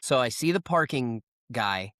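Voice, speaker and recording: A man's voice: medium pitch, animated, measured pace, fairly bright tone, no room sound, studio quality. A man co-hosting a podcast, telling long rambling stories in casual chat, full of fillers and restarts. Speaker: podcast co-host.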